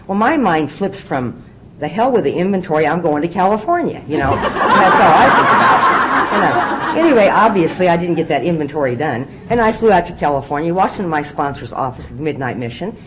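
A woman's voice: sits low, lively intonation, quick pace, noisy background. A middle-aged woman speaking from a podium at a recovery meeting, telling her story candidly and often repeating words as she restarts. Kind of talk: personal testimony talk.

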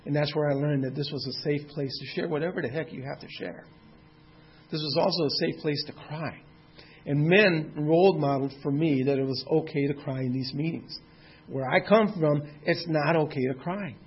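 A man's voice: fairly high pitch, slightly rough, highs cut off. A man in his sixties sharing his own story of recovery in a candid, plainspoken way, with a mild curse now and then. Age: 60s. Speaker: speaker sharing at a recovery meeting. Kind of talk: personal testimony.

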